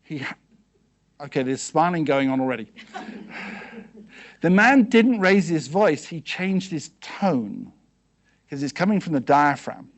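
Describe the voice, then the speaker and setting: A man giving a seminar talk to a live audience, asking them quick questions and checking in with "okay" and "yes?" as he goes. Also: on the high side, animated. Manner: conversational, peppered with "okay" and "yes?". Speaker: seminar speaker.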